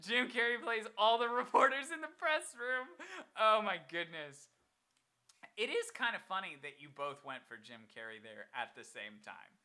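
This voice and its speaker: A man's voice: high voice, lively intonation, normal speed, bright, forceful tone, smooth. A young man in his twenties co-hosting a casual chat show, rambling, laughing often and stopping to search for names. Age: 20s. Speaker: podcast co-host.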